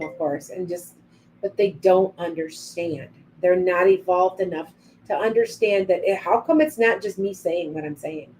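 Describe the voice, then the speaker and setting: A woman's voice: fairly low pitch, a little hiss or hum, rough recording. A middle-aged woman hosting a casual psychic livestream, rambling and reading out viewer comments as they come in. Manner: chatty, rambling, reads viewer comments aloud. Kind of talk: casual live-stream chat.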